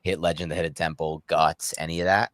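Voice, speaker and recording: A man's voice: low-pitched, flat delivery, a little fast, no room sound. A man co-hosting a casual sports podcast, laid-back and jokey, rambling easily through tangents. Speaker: podcast co-host.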